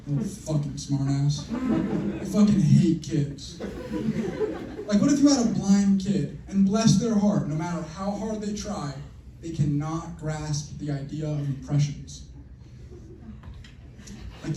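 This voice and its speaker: A young man performing a stand-up routine with deadpan, crude punchlines. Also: a little high, moderate pace. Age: young adult. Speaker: stand-up comedian. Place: comedy show venue with audience. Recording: roomy, distant, faint noise.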